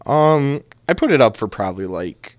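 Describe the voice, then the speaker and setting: A man's voice: mid-range voice, sing-song, moderate pace, no room sound. A man casting an amateur esports match, talking casually and joking around with many fillers. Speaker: esports caster.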